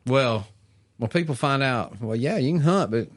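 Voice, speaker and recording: A man's voice: mid-range voice, expressive, normal speed. A man, co-hosting a casual outdoors podcast in a folksy, storytelling way. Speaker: podcast co-host. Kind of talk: casual chat.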